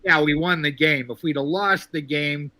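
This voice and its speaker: A man from Texas calling into a sports show, talking in a measured, wry way with lots of fillers. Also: on the high side, pushed and bright. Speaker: caller. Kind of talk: casual sports call-in chat.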